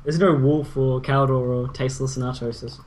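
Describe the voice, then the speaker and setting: A man's voice: medium pitch, level tone, a little fast, noisy background. Laid-back man co-casting a game. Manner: laid-back and self-deprecating, rambling. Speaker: esports co-caster. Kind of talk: casual game commentary.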